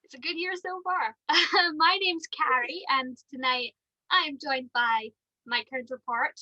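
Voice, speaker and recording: A woman's voice: high-pitched, unhurried, sharp tone, no echo, muffled recording. A woman co-hosting a casual fan podcast, chatty and giggly, with lots of ums. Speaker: podcast co-host.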